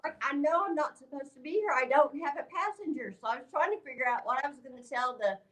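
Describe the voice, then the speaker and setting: Playful high-voiced woman on a noisy call. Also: quick pace, a bit bright, distant mic. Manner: playful, drawling, affectionate. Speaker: guest on a live stream. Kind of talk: casual video-call chat.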